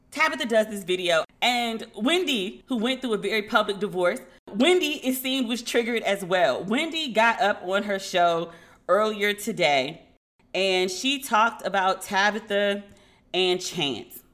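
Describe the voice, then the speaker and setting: A woman's voice: mid-range voice, animated, a bit bright. Chatty salty woman podcast host. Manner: chatty, salty, quick asides and laughs. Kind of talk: casual pop-culture commentary.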